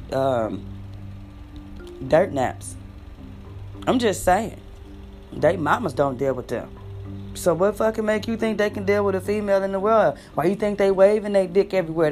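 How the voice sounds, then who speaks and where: A woman's voice: lowish voice, a little mellow. A young adult woman ranting bluntly and sarcastically to her viewers, full of profanity. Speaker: vlogger. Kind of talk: ranting monologue.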